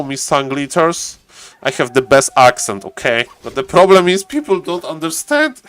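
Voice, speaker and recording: A man with a noticeable non-native English accent casts a strategy game live, his voice sitting slightly high. He chats with viewers, keeps saying "ladies and gentlemen", and gets more excited over key plays. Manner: chatty, greets chat viewers, repeats "ladies and gentlemen". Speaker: game caster and streamer.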